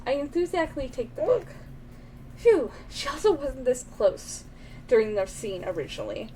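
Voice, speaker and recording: A woman's voice: high-pitched, big pitch swings, a little fast, a little hiss or hum, rough recording. A young woman streaming a game, reading its narration aloud while chatting and cooing at her baby.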